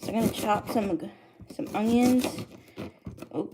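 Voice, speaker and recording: A woman with a medium-pitched, unhurried voice livestreams herself cooking in her home kitchen on a streaming mic. She chats casually, greeting viewers and reading the chat aloud, over a noisy background.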